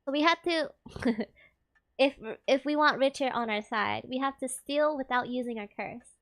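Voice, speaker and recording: A woman's voice: sits high, moderate pace, fairly bright tone. A young woman streaming a game, chatting casually and giggling with her viewers. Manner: giggly, chatty, talks to chat. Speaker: gaming streamer.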